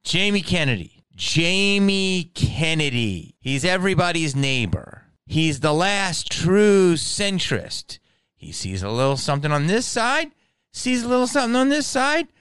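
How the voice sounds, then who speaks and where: A man putting on a smooth, easygoing male announcer voice with a crooning, sing-song delivery. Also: sits high, very animated, unhurried, a bit bright, no echo, voice pushed up, heavily acted.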